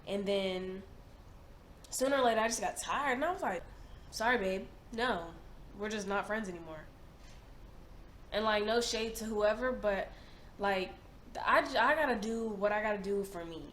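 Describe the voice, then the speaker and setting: A young woman in her twenties, hosting a reaction video in casual chat, emphatic and slangy, often repeating herself. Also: mid-range voice. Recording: roomy echo, faint noise.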